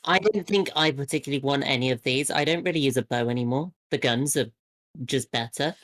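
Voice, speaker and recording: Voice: medium pitch, a little fast, fairly bright tone. A player in a tabletop game who talks casually and rambles through their plans.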